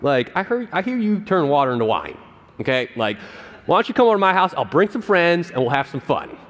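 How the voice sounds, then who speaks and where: A preacher voicing an eager young man, chatty and excited, with long church reverb. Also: fairly high pitch, a little fast.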